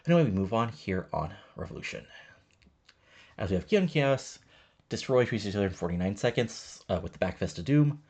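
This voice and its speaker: A deep-voiced man talks casually through his wrestling management game, reading the wrestlers' scripted promos aloud. His voice has a gravelly fry and a husky edge, and he murmurs the promos in a flat, low tone. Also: fairly quick. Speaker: game commentator.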